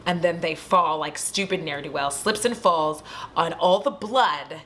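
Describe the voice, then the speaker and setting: At home, a woman vlogger with a deep voice and measured pace retells a horror movie. She's animated and casual, swearing freely and tossing chatty asides to her viewers.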